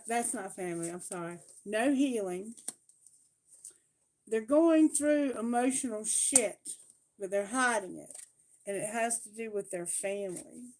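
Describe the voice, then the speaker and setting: A woman doing a live tarot reading, talking bluntly and emphatically, swearing freely and asking Spirit questions out loud. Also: fairly high pitch. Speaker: tarot reader.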